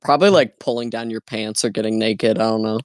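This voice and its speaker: A man's voice: on the low side, steady tone, fast, no room sound. Laid-back podcast guy, dry close sound. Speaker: podcast co-host. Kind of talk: casual chat.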